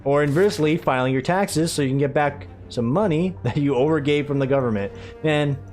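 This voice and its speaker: A man's voice: on the high side, fairly quick, darkish tone, faint music behind. A man giving casual, rambling gameplay commentary full of sarcastic asides. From United States. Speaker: let's play gamer.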